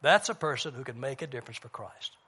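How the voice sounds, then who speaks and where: A middle-aged man preaching a sermon, urging loudly and then dropping to a low hush as he tells a story. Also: fast talker, breathy edge. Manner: emphatic, swings from loud urging to low hushed storytelling.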